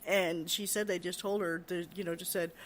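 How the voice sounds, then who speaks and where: A woman recounting a frightening experience from her care work, halting, repeating words and laughing nervously. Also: fairly low pitch, steady tone, slight background noise. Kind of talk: personal storytelling.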